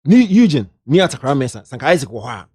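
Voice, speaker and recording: A middle-aged man with a Ghanaian accent, an entertainment journalist sharing lively anecdotes in a casual interview, slipping into local slang. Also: mid-range voice, fast talker, husky, no echo, clean studio sound.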